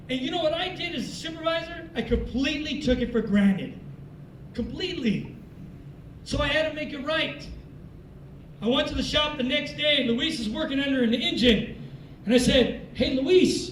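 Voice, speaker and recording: A man giving an animated motivational speech, telling a story and acting out its dialogue. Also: very high-pitched, reverberant, far from the mic, a little hiss or hum, rough recording. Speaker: military speaker.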